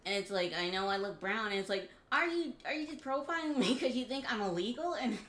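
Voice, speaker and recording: A woman from Georgia in the US, a guest on a game stream, venting in blunt, profane talk with halting restarts. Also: on the high side, expressive, fairly bright tone, a little hiss or hum. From Georgia, USA. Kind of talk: casual chat on a game stream. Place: home room. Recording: roomy echo.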